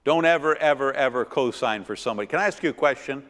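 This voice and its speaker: A man's voice: medium pitch, fast talker, fairly bright tone. A middle-aged man, a pastor teaching a church finance seminar, emphatic and repeating words, asking his audience rhetorical questions. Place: church hall. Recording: long echo of a church hall.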